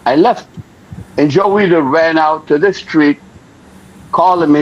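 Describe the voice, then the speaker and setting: An older man from Lebanon, interviewed as a guest, speaks at normal speed in a higher-than-average voice, pausing often. He tells his story animatedly, performing the voices of the people in it, on a dull lo-fi recording.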